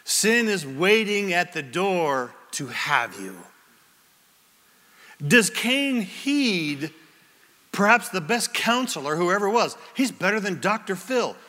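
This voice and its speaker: A man preaching a sermon as pastor, with an animated, dramatic delivery and many questions put to the congregation. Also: high voice, slow, big-room sound. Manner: asks the congregation rhetorical questions.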